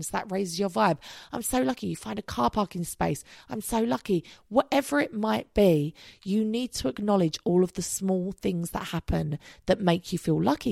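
A woman in her thirties hosts a casual solo podcast, chatting in an upbeat way, swearing now and then and wandering off topic. Her mid-range voice is a little mellow with a gravelly vocal fry. The studio recording is clean, with no echo.

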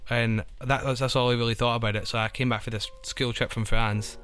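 Bright-voiced young Scottish man, rambling. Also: medium pitch, flat delivery, brisk, smooth, faint music behind. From Scotland. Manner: rambling, full of "like" fillers, self-described anxious. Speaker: touring musician guest. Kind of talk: casual podcast chat.

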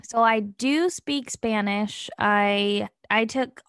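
Woman podcast co-host, casual chat, animated storytelling, dry close sound. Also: mid-range voice, slow, smooth, dry recording. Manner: animated storyteller, laughs through anecdotes.

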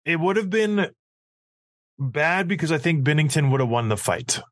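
A man's voice: on the high side, lively intonation, normal speed, a bit bright, no echo. Blunt man co-hosting, dry sound. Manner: blunt, emphatic, mocking. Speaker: podcast co-host. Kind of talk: casual chat.

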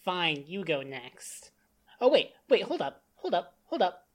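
Casting: low-pitched woman player, eager, chatty about rules and dice. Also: big pitch swings, unhurried, darkish tone. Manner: eager, asks rules questions, cheers at rolls. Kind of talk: playing a tabletop game.

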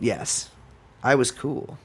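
A man's voice: slow, a bit bright. A man co-hosting a podcast in casual comedic banter, irreverent and joking, slipping into mock-formal asides. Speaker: podcast co-host.

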